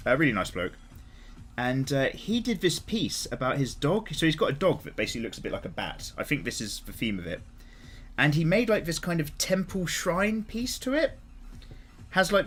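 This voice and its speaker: A man in his thirties chats casually while streaming, with a lively voice that swings up and down in pitch. He talks in a loose, sweary, openly emotional way, and soft music plays behind him. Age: 30s. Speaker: artist streaming live. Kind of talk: casual livestream chat.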